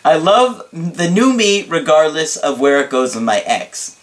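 A man voicing an excitable young male fan who stretches his words out dramatically. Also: a little high. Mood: gushing. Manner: drawn-out dramatic emphasis.

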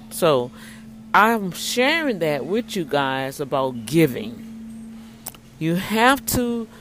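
Woman, casual faith vlogger, animated and preachy, chats straight to camera mid-snack. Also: deep voice, a little hiss or hum. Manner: snacking while talking. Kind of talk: casual testimony vlog.

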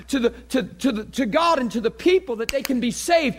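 A man preaching an impassioned sermon who swings from fervent near-shouting to hushed, earnest appeals and acts out crowd voices. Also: very high-pitched, expressive, fairly quick, few pauses.

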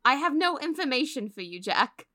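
A woman voicing a blunt, weary female ship captain who makes dry, deadpan threats in a tabletop game. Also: sits high, moderate pace, heavily acted. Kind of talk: in-character tabletop play.

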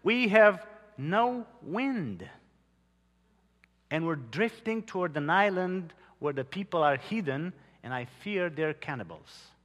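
A preacher playing a worried, blunt old-time ship captain. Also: male voice, a little high, big pitch swings, slow, fairly bright tone, full character voice. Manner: blunt and incredulous. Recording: long hall reverb.

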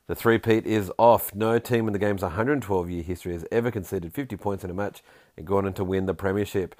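A man hosting a podcast in a casual, jokey way, reading listener tweets aloud with quick asides. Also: low-pitched, steady tone, darkish tone, no echo. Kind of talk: casual chat.

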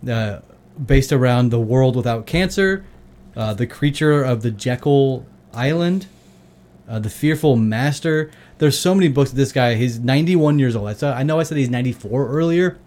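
A man's voice: mid-range voice, expressive, normal speed, darkish tone. A man co-hosting a podcast in casual chat, laid-back and joking. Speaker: podcast co-host.

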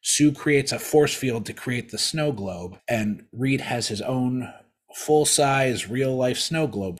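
Husky-voiced guy rambling through a story. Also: lowish voice. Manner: rambling, stammering restarts, acts out quotes. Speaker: podcast co-host. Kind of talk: casual storytelling.

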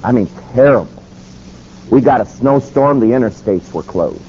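A man with a warm, medium-pitched voice and lively intonation preaches a sermon at normal speed, telling a story dramatically and acting out the dialogue. The recording is dull and lo-fi with faint noise.

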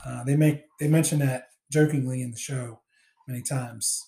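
A man's voice: mid-range voice, steady tone, moderate pace, vocal fry, mellow. A man hosting a podcast in a casual, rambling chat full of fillers. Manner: rambling, many fillers and restarts. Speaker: podcast host.

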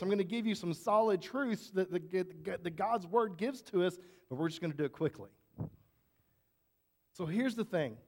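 A man with a notably high voice preaches to his congregation in a conversational way. He poses rhetorical questions and often repeats the first words of a sentence before pressing on. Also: a little mellow. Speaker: pastor. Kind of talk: sermon.

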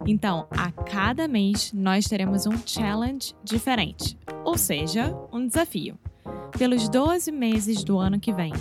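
A woman, hosting a casual podcast chat, laughing often. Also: medium pitch. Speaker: podcast host.

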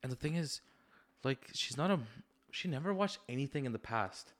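A man's voice: mid-range voice, lively intonation, normal speed, fairly bright tone. A young man co-hosting a casual podcast, telling a story animatedly with a lot of swearing. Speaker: podcast co-host.

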